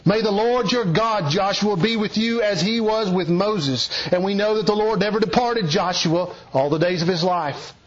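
Emphatic preacher, dull lo-fi sound. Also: male voice, normal speed, hardly any pauses. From Eastern Kentucky. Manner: emphatic, swings between low hushed lines and raised urgent ones. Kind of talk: sermon.

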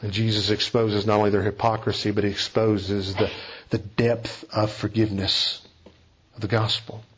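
A man's voice: fairly low pitch, flat delivery, moderate pace, breathy edge, dull audio. A man preaching a sermon as a pastor, earnest and emphatic, stressing key phrases.

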